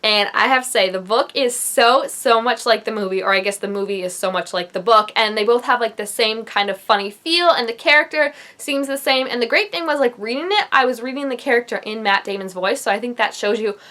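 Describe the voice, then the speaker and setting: A woman's voice: fairly high pitch, a little fast, few pauses, pushed and bright. A young woman chatting enthusiastically on her book vlog, gushing about her favorite reads. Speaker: book vlogger. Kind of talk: casual book review vlog.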